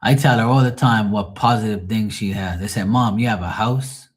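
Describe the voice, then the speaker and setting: A man's voice: lowish voice, normal speed. A middle-aged man venting on a live call in a profane, rambling, exasperated way. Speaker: caller on a live tarot stream. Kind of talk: casual venting.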